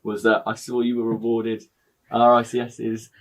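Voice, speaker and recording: A man's voice: mid-range voice, monotone, moderate pace. Upbeat man hosting a podcast. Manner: upbeat, jokey banter. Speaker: podcast host. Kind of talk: casual interview chat.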